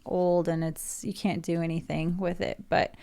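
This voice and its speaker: A woman's voice: fairly low pitch, level tone, moderate pace, vocal fry, dark tone. A woman chatting casually through an unboxing, emotional and gushing, near tears at times. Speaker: vlogger.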